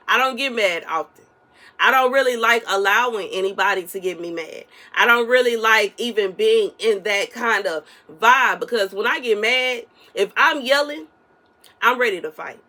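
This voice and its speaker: An online prophetic minister speaks a casual prophetic message in her soft, everyday voice, which sits on the high side at normal speed. She repeats phrases for emphasis and often asks, "you know what I'm saying."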